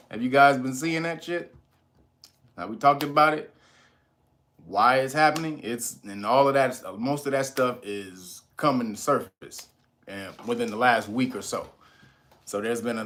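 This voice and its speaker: A man's voice: medium pitch, fairly bright tone. Slangy, profane man hosting a vlog. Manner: slangy, profane, greets viewers by name; mocking. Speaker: channel host. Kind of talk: casual talk to viewers.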